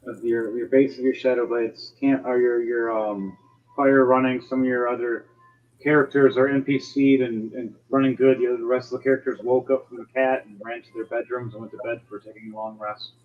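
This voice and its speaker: A man's voice: medium pitch, little pitch movement, a little fast. A man narrating as game master in a tabletop game, rambling and hesitant, with lo-fi stream audio. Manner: rambling, hesitant, lots of fillers and restarts.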